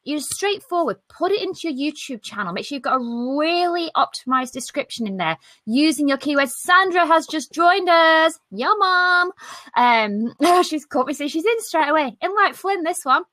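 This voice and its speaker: A woman's voice: high-pitched, lively intonation, normal speed, sharp tone, no room sound. A British woman hosting a live stream on a video call, in casual, jokey chat with mild swearing.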